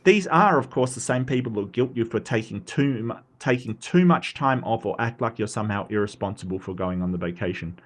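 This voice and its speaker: An Australian man with a somewhat low voice talks through posts in a loose, animated way. He hesitates and restarts often, with sudden jumps in pitch. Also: a little fast, hardly any pauses. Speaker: streamer host. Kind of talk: casual chat reading posts.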